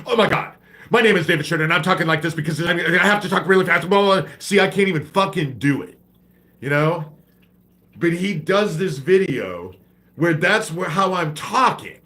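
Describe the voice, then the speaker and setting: A man mocking a shrill, frantic, fast-talking version of a man, in a rushed parody voice. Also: expressive, bright, forceful tone.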